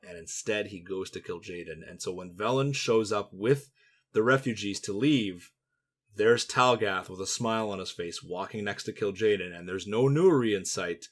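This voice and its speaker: A man co-hosting a podcast, calmly retelling story events step by step in a casual chat. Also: on the low side, normal speed. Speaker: podcast co-host. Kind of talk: casual fan lore discussion.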